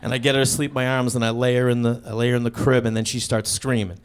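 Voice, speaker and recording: A man in his thirties performing a stand-up comedy set, telling stories in a deadpan, conversational way into a handheld stage mic. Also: mid-range voice, quick pace, clear, resonant tone. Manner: deadpan, conversational storytelling with acted-out asides. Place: comedy stage before a live audience.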